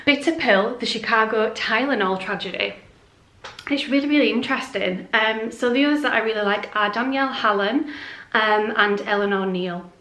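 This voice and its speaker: A woman's voice: a little high, normal speed, fairly bright tone, reverberant. A woman from the UK chatting casually to camera as a beauty vlogger at home, gushing and filling her talk with ums and likes. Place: room at home.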